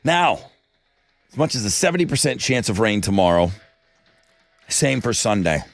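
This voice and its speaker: A man's voice: fairly low pitch, very animated, moderate pace, dry recording. A man hosting a radio morning show, chatting energetically and rambling as he jokes with callers. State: slightly out of breath. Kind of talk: casual radio chat.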